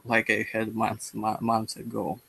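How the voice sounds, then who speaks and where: A young man with a Russian accent, a language student chatting in a lesson, halting with many restarts and repeated words. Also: on the low side, completely flat delivery, creaky, fairly bright tone, breathy edge, low-quality recording. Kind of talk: casual conversation lesson.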